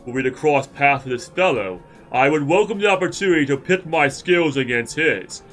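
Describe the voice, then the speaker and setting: A man's voice: fairly high pitch, lively intonation, normal speed, fairly bright tone, soft background music. A man with a cold voicing a swaggering, boastful male duelist in grand, old-fashioned speech. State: congested with a cold.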